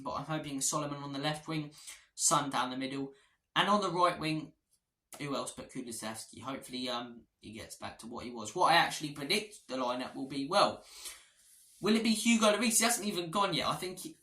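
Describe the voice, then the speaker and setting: Passionate football fan, bright voice. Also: male voice, mid-range voice. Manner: passionate, opinionated fan talk. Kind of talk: opinionated match preview. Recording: echoey room.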